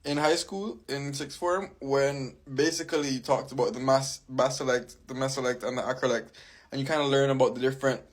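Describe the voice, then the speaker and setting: A man's voice: medium pitch, steady tone, brisk. A man in casual commentary, chatty and thinking aloud. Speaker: reaction host.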